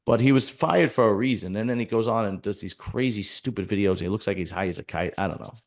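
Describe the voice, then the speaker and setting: Male podcast host, low-pitched, blunt, rambling casual talk. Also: fast. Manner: rambling, blunt, many restarts. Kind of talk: casual chat.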